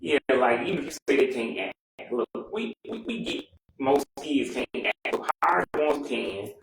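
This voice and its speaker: A man's voice: mid-range voice, expressive, normal speed, vocal fry. A man ranting bluntly and profanely in casual chat. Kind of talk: casual rant. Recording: echoey room with faint noise.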